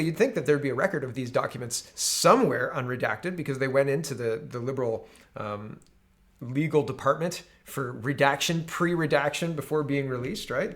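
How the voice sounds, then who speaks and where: A man hosting a casual political commentary show, talking sarcastically and mockingly with lots of animated asides. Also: on the high side.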